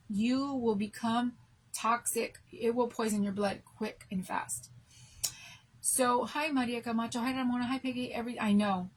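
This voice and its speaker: A woman's voice: on the high side, rough recording. A middle-aged woman hosting a craft channel, talking to her viewers in an emotional, rambling way and restarting sentences, worn out from no sleep. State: exhausted from no sleep. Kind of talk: casual live chat to viewers.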